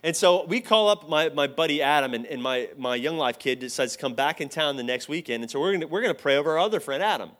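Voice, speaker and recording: A man's voice: fairly high pitch, fast talker, hardly any pauses. A man giving a casual storytelling sermon to a live group, acting out the voices in his anecdotes. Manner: animated, acts out both sides of dialogue. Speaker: speaker at a church teaching.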